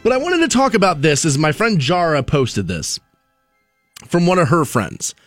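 A man's voice: fairly high pitch, sing-song, normal speed, no room sound, faint music behind. A man hosting a casual talk show, chatting in a rambling, conversational way with frequent restarts. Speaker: radio show host.

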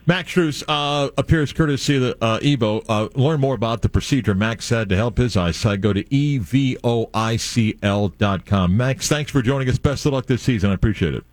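A man's voice: medium pitch, a little fast, few pauses, dry recording. A man hosting a sports radio show, talking casually with many filler words.

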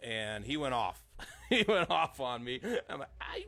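Gravelly, laughing male storyteller. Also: mid-range voice, sing-song, measured pace, pushed and bright. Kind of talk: casual storytelling in an interview.

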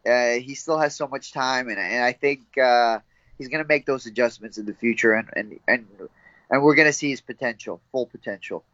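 A young man being interviewed as a fighter, laughing often and telling animated stories with quoted voices. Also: mid-range voice, normal speed, dry recording, highs cut off. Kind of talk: casual interview chat.

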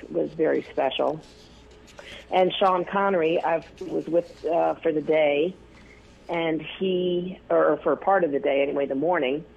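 A man telling stories as an interview guest, rambling with many fillers and restarts, his voice gravelly and husky. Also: a little high. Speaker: news photographer, interview guest. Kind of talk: casual interview storytelling. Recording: tinny phone line.

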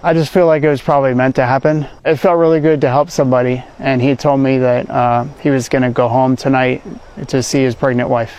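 A man, an air traffic controller, calmly recounting an event in a played clip. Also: mid-range voice, fairly quick, smooth, dry recording, poor audio. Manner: calm and matter-of-fact.

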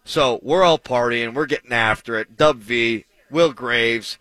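Bright, punchy man hosting sports radio. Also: medium pitch, measured pace, dry recording, rough recording. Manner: emphatic, punchy, self-mocking. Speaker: sports talk radio host. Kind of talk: sports talk radio monologue. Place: radio studio.

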